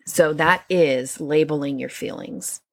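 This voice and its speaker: A woman's voice: deep voice, unhurried, gravelly, no room sound, clean studio sound. A woman hosting a solo podcast, talking conversationally with fillers and restarts. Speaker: podcast host.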